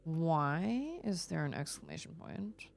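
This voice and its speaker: Animated woman streamer. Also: low voice, unhurried, gravelly. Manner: animated and expressive, reads chat aloud. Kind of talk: casual gameplay chat.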